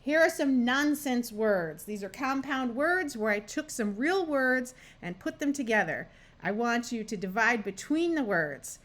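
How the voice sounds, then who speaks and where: A woman's voice: on the high side, lively intonation, unhurried, fairly bright tone. A woman with an American accent teaching a phonics lesson as a reading tutor, patiently spelling out sounds and words one by one. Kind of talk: slow, careful phonics lesson.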